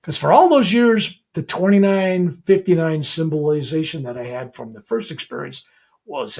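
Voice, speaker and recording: An older man, a reverend, telling a personal story as a podcast guest. He is animated and acts out the dialogue as he goes. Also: on the high side, normal speed, vocal fry.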